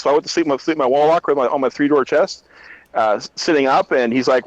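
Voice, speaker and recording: A retired army drill sergeant telling barracks stories in a profane, animated way, his voice sitting a little high. The sound is dry and muffled, lacking top end. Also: quick pace, no room sound. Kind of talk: casual storytelling chat.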